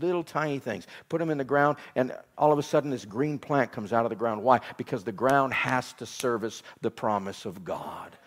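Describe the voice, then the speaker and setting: A man preaching a sermon in emphatic, repetitive phrases, with soft instrumental music behind him. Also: medium pitch.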